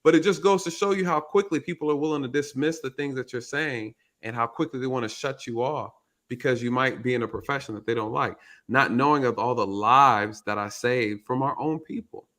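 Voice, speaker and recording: Emphatic bright-voiced man talking. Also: medium pitch, fairly quick. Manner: emphatic, repeats key phrases, storytelling. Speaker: podcast host, retired police officer. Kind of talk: casual commentary.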